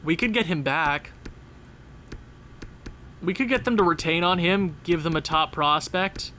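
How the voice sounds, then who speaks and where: A man giving casual, excitable gameplay commentary, talking straight to the game as he plays. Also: fairly high pitch, measured pace, slight background noise. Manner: excitable, talks to the game and players. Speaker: gaming channel host.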